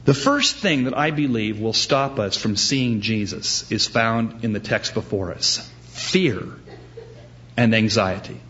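A man preaching a sermon as pastor, animated and acting out the voices he quotes. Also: fairly low pitch, slow, lo-fi sound.

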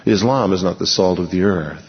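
Low-voiced man preaching verse by verse. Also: normal speed. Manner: reads scripture aloud then explains it verse by verse; emphatic, repeats key phrases. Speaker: pastor. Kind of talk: expository sermon. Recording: lo-fi recording in a large reverberant hall.

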